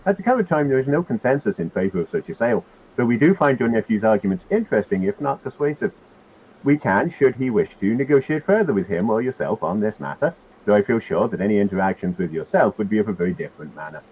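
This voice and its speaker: A man's voice: fairly low pitch, animated, fast talker, breathy edge. A man playing Hamus, a male tavern proprietor, in a put-on accent, reading a formal letter in a tabletop game over a tinny call line. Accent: put-on character accent. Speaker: player. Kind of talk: in-character tabletop role-play. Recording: tinny phone-like online call.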